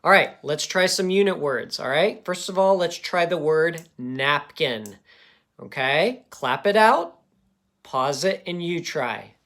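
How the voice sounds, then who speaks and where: Slow, patient man teaching phonics. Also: on the high side, animated, fairly bright tone. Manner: slow, patient, says sounds syllable by syllable. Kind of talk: phonics lesson for children.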